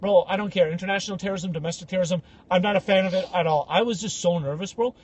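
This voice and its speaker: A man co-hosting a podcast, telling comic stories in an animated way and acting out other people's voices. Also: high-pitched, rapid-fire, muffled recording. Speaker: podcast co-host. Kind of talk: casual comedic storytelling.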